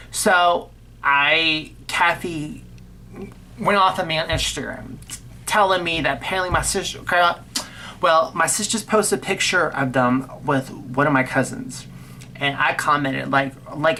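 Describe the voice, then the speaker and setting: A young woman with a notably low voice tells a personal story to her vlog audience. She talks bluntly and swears freely, rambling and restarting her sentences as the feelings come through. A faint hiss of noise sits under her voice. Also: normal speed, bright, forceful tone. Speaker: vlogger.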